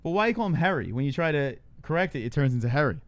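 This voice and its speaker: A man's voice: on the high side, big pitch swings, very fast, clean tone, dry recording. A man co-hosting a casual livestream podcast, teasing his partner, laughing often and swearing. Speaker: podcast co-host.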